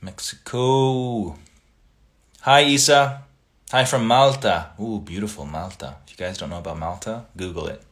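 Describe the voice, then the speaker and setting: A man hosting a casual livestream, reading viewer comments aloud and chatting back in a relaxed, friendly way. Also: low voice, moderate pace. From Italian family background.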